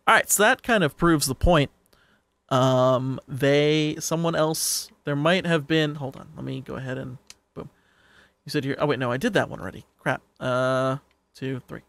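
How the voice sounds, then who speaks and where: A man's voice: medium pitch, moderate pace, vocal fry, a bit bright, no echo. A young man giving casual let's-play commentary in an offhand, muttering way with swearing. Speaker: streamer.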